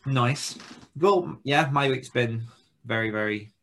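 A man's voice: mid-range voice, slow, fairly bright tone. A man hosting a podcast, chatting casually in a jokey, teasing, rambling way. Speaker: podcast host. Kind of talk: casual chat.

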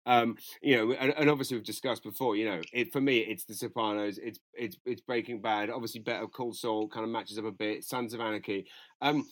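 A man's voice: lowish voice, fairly even intonation, a little fast, a little hiss or hum. A man, co-hosting a casual chat and rambling through strong, profane opinions. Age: 40s. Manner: rambling, opinionated, swears freely. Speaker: podcast co-host.

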